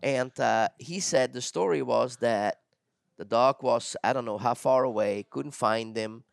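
A man with a gravelly, mid-pitched voice tells a dog-training story in loose, casual chat. He acts out the people in it and laughs as he goes. The sound is dry and close. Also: measured pace, no room sound. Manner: animated storyteller, acts out quotes, laughs often. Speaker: dog trainer and podcast host.

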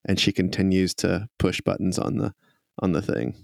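A man's voice: low-pitched, fairly even intonation, moderate pace, creaky, hardly any pauses, no room sound, clean studio sound. A man narrating as game master in a casual, plain manner.

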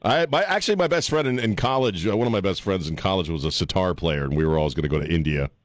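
Deep-voiced blunt male radio host. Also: animated, fast, dry recording, clean studio sound. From Washington DC area. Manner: blunt, laughs often, repeats words. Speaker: radio talk show host. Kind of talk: casual radio banter. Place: radio studio. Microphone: studio mic.

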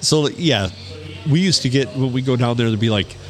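Man, podcast co-host, easygoing storyteller, dry teasing, mid-range pitch. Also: normal speed. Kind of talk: casual storytelling chat.

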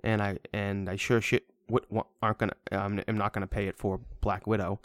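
Speaking briskly in a lowish, level voice, a man co-hosting a podcast talks casually about a movie he's reviewing. He rambles, stammers and swears a lot, and the recording has no room sound.

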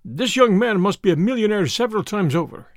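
A man's voice: sits high, expressive, brisk, no room sound, clean studio sound, pitched above the performer's own voice. A man reading aloud, voicing a polite, deferential male secretary. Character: deferential male secretary who knows everything.

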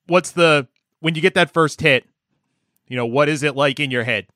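Male interviewer, bright higher voice, dry close sound, keen on details. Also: moderate pace, no room sound. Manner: recalls details eagerly, rambling questions. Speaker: podcast host. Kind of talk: interview questions.

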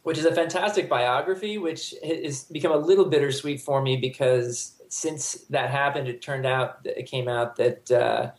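A man of middle pitch speaks in a relaxed panel chat. He explains things fluently and thoughtfully. His voice carries a roomy echo. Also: moderate pace, hardly any pauses. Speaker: soccer journalist.

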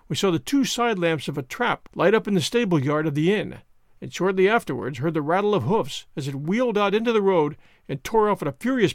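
A man reading a story aloud in an expressive, dramatic way. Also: high voice, gravelly, no echo, studio quality. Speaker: narrator.

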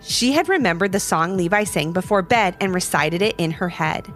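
A woman reading a children's storybook aloud with an expressive, sing-song delivery. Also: fairly low pitch, fairly quick, soft background music.

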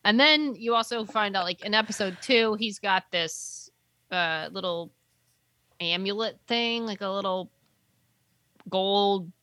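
Bright-voiced woman rambling through a recap. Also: mid-range voice, a little slow, no room sound. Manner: rambling, trails off searching for names. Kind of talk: casual chat recapping a TV episode.

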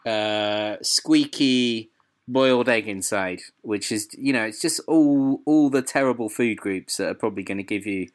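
A man talks in a fairly low voice on a chatty podcast. He rambles and hesitates, restarting his sentences as he thinks aloud. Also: measured pace. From South London. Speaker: podcast co-host. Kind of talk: casual chat.

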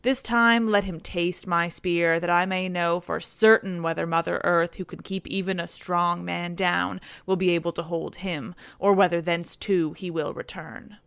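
A woman's voice: lowish voice, fairly even intonation, normal speed, vocal fry, hardly any pauses, a bit bright, clean tone, no echo, studio quality. A woman reading the lines of a proud, wrathful male warrior hero from an ancient epic, in a stern and scornful tone.

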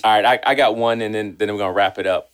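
Deep-voiced man calmly giving advice. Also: fast. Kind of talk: casual group chat.

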